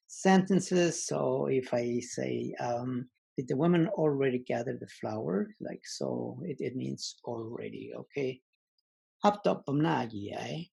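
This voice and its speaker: A man teaching a language lesson online, slowly repeating example words and pausing with many fillers. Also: medium pitch, animated, creaky, dark tone, husky.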